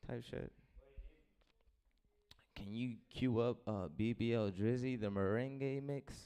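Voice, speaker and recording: A man doing stand-up on a club stage, laid-back and mumbling, breaking into bursts of shouting at the crowd. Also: mid-range voice, measured pace, smooth. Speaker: stand-up comedian.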